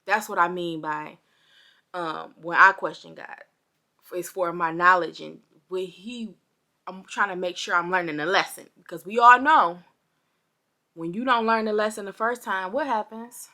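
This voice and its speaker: A young woman telling a storytime vlog to her viewers, chatty and animated, a little parched and under the weather. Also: lowish voice, moderate pace. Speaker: vlogger.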